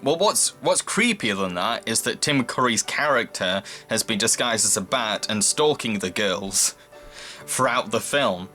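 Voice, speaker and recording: A man's voice: lowish voice, expressive, unhurried, pushed and bright, faint music behind. A man casually reviewing a movie, laughing often and rambling through his thoughts. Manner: giggly, rambling. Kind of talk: casual chat.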